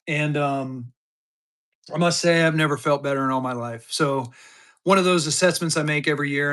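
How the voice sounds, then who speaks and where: Casting: fifty-something man, live auction seller, rambling and chatty, slightly high voice. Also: moderate pace, fairly bright tone. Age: 50s. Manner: rambling, chatty, with many restarts and fillers. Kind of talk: casual live-stream chat.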